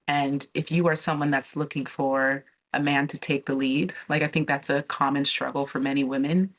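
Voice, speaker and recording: A young woman vlogger talking candidly to camera in a casual, chatty way, with fillers and restarts. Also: sits low. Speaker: travel and relocation vlogger.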